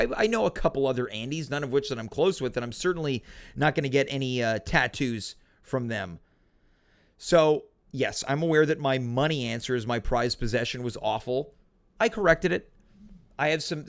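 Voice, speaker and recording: A man hosting a casual solo livestream Q&A from home, talking in an animated, rambling, self-deprecating way. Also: fairly high pitch. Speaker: talk show host.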